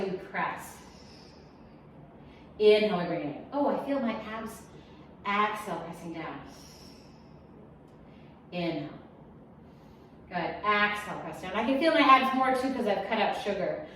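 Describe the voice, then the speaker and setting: A woman's voice: mid-range voice, a bit bright. A woman leads a Pilates class, calling out inhales and exhales and counting reps. She keeps it chatty and encouraging, with small asides. Her voice rings in a very echoey room, picked up from a distance with faint noise behind. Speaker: Pilates instructor. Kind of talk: guided exercise class cueing.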